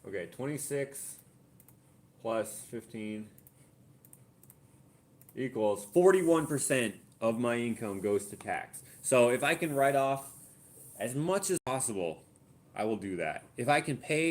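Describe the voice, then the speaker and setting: A Canadian man hosting a casual live Q&A from his home art studio, thinking aloud and muttering while he looks things up and works out sums. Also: medium pitch. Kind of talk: casual live-stream chat.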